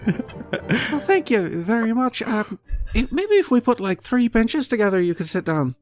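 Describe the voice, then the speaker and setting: A fussy little dwarf householder, as a man voices him, fluttering high and polite while fretting over how to seat his guests. The voice sits far above the man's own. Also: big pitch swings, measured pace, soft background music, full character voice. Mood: polite fussing.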